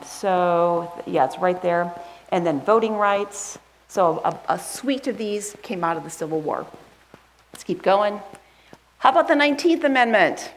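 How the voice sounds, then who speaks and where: Woman pastor, casual and chatty sermon, lower voice, faint room noise. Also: low-quality recording. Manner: chatty, asks the congregation questions; rushes through a list, skipping items. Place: church sanctuary.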